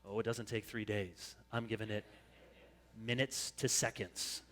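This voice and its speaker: A man preaching a sermon as pastor, animated, dropping into high whiny voices to mimic complainers. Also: measured pace. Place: church sanctuary. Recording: long church hall reverb.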